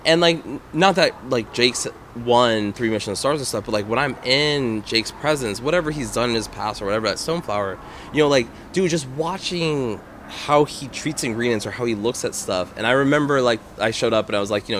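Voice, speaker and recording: A man's voice: medium pitch, brisk, a bit bright, slight background noise. A man who is a former sushi chef, hosting a casual podcast chat and telling long, profane stories full of fillers, acting out the lines of the people in them. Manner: profane, rambling storyteller, lots of "dude" and "like"; acts out quotes of other people in his stories.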